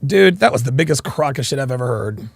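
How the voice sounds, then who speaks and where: A man's voice: medium pitch, lively intonation, fast, gravelly, no echo. A man co-hosting a podcast, blunt and mocking, reading viewer comments aloud. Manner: blunt, mocking, reads super chats aloud. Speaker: podcast co-host. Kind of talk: casual podcast chat.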